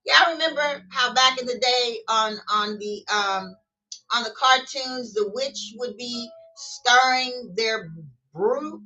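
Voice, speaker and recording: A woman's voice: a little high, a little slow, pushed and bright. A middle-aged woman chatting casually to her camera at home, folksy and chatty, often laughing and calling her viewers y'all. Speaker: vlogger. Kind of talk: casual spiritual chat to camera. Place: home room with TV and music playing. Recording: distant mic, faint music behind.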